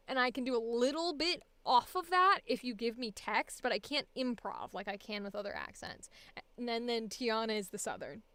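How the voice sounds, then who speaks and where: A woman's voice: fairly high pitch, animated, normal speed, a bit bright, clean tone, no echo. A woman voice actor chatting casually on a livestream, rambling with many fillers and restarts. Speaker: voice actor streamer.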